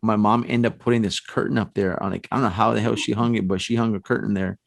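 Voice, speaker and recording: A lower-pitched man tells a story in a casual, rambling way and leans on fillers as he goes. The recording is dry and close, with no room sound. He sounds like a podcast guest talking into a studio mic. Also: steady tone, fast talker, vocal fry, no echo. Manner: rambling, filler-heavy telling with many "you know" and "like". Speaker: podcast guest, paranormal investigator.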